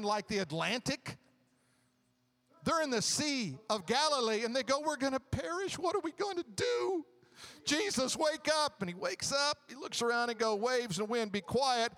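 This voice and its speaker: A man preaching a sermon, drawing the congregation into call-and-response and acting out the lines of the people in his stories. He swings from loud exclamations down to low, quiet murmurs.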